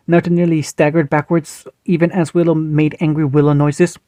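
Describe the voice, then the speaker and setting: A man reading fan fiction aloud, steady but with small slips and restarts. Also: a little high, brisk, few pauses, dry recording. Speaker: story reader.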